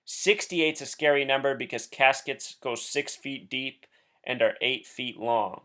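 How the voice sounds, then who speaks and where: A man's voice: mid-range voice, unhurried, sharp tone. Guy ranting on his own video channel, intense, keeps pressing his points at you. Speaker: blogger and video host. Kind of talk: solo commentary video.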